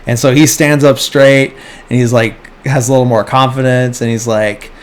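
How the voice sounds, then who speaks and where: Speaking at a moderate pace in a steady, mid-range voice, a man on his podcast offers a casual recap of a film's story. He rambles loosely through it and briefly performs some of the characters' lines.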